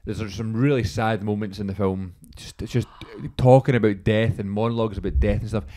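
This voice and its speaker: A man's voice: lowish voice, fairly even intonation, warm tone, a little hiss or hum. A man hosting a casual podcast, upbeat and leading the talk. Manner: quick, upbeat, leads the talk. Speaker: podcast host. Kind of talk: casual chat.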